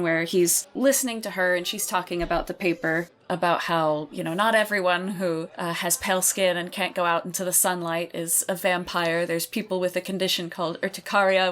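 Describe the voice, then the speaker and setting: A woman running a tabletop role-playing game, narrating scenes in a measured, descriptive way. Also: lowish voice. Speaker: game master.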